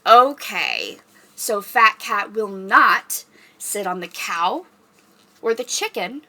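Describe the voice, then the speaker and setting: Practicing for a kids' story time, a young woman with a mid-range voice reads aloud slowly. Her delivery is animated and sing-song like a teacher's, with animal sounds mixed in.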